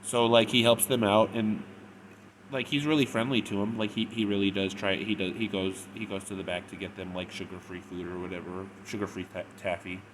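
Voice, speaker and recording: A man's voice: lowish voice, flat delivery, fairly quick, noisy background. A man retelling a story in a casual, rambling way, with frequent "like" and "or whatever". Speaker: fanfic reviewer. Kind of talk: casual spoken review.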